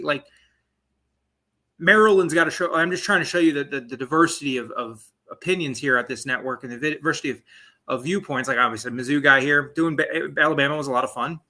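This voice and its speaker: Host type, late-20s guy, rambling live sports chat, bright edgy tone, a bit high. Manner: rambling, chatty, lots of fillers and asides. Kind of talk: casual live sports talk stream.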